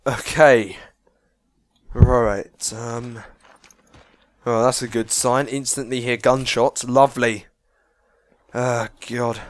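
A man's voice: medium pitch, flat delivery, slow pace, pauses often. A young man giving casual, sweary let's-play commentary, chatting and joking as he reacts to the game. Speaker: gaming video host.

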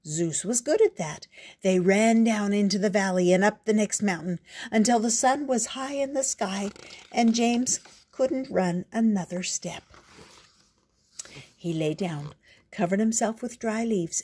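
A woman reading a picture book aloud in a gentle, unhurried storyteller's way. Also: medium pitch, slightly rough.

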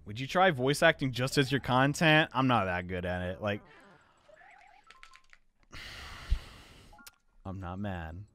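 A young man streaming a platform game live, chatting with viewers and yelling at his mistakes. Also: mid-range voice, measured pace, long pauses. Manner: animated, chatty, answers chat, swings to yelling at the game. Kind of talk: live gameplay commentary.

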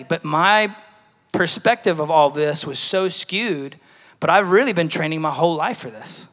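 A man's voice: sits high, normal speed, fairly bright tone, big-room sound. A man giving a conversational, storytelling sermon at a church service, sharing a personal testimony. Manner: storytelling, conversational, acts out quoted voices. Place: large church hall.

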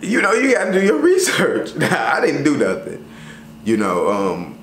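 A man talking casually to camera about travel tips, slangy and animated, full of fillers. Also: medium pitch, unhurried. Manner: loose, slangy, animated storytelling with many fillers. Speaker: travel vlogger. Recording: roomy sound with faint ambient noise.

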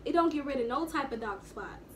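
A woman's voice: high voice, animated, fairly quick, a crowd in the background. An eighteen-year-old woman vlogging a prank on her grandmother, teasing and laughing as she talks. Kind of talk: casual prank vlog.

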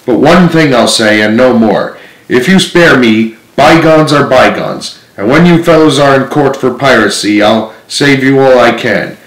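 A man's voice: mid-range voice, a little slow, echoey room, natural voice, poor audio. A man reading aloud and voicing a bold teenage boy cabin hand who speaks up earnestly and defiantly. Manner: earnest, raised and breathless defiance. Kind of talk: storybook read-aloud acting.

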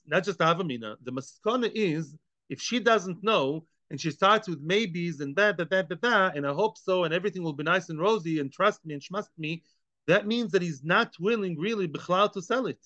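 High bright-voiced guy teaching talmud, tosses out rhetorical questions, dull dry lo-fi sound. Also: normal speed, dry recording. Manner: animated, rhetorical questions, acts out both sides. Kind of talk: Talmud class lecture.

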